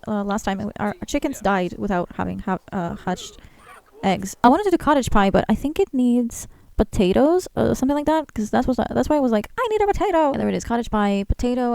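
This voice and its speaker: A young woman hosting a life-sim let's-play, chatting in an excitable, gushing way. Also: medium pitch, vocal fry, no room sound. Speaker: gaming channel host.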